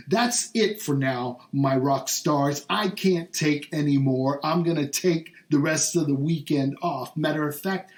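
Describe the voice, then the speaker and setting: Sarcastic ranting man, roomy echo. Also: fairly high pitch. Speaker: vlog host. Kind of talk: comedic rant.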